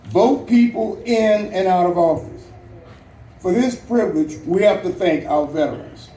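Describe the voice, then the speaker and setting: A man's voice: high-pitched, mellow. Earnest man giving a rousing ceremony speech. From Louisiana, United States. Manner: earnest, rousing, with dramatic pauses and light jokes. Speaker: Veterans Day ceremony speaker. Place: outdoor memorial ceremony at a national cemetery. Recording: echoey, distant, faint outdoor ambience.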